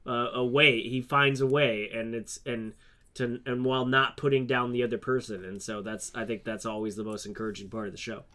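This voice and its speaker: A man co-hosts a podcast in a mid-range, level, bright and forceful voice. His casual chat is halting, full of fillers and restarts.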